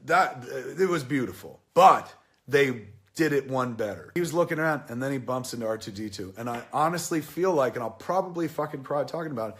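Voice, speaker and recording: A man's voice: mid-range voice, expressive, a little fast, fairly bright tone. Profane, emotional man in his forties. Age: 40s. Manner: profane, emotional, rambling storytelling. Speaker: film reviewer. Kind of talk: casual film review.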